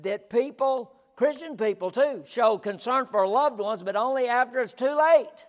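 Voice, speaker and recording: With a very high voice at normal speed, a male pastor preaches emphatically, circling back over his points. The word "listen" punctuates his sermon, and the auditorium around him echoes.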